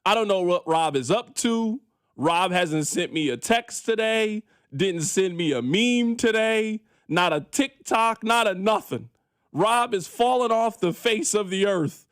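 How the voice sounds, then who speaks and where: A man hosting a sports radio show, talking in an animated, exasperated rant and putting on mock voices now and then. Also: high-pitched, measured pace, smooth, no echo, studio quality. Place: radio studio. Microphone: studio microphone.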